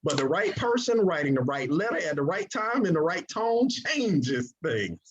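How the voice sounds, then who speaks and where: A man giving an energetic sales presentation, drawing call-and-response from his audience. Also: on the high side, normal speed, a little hiss or hum. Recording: dull lo-fi recording.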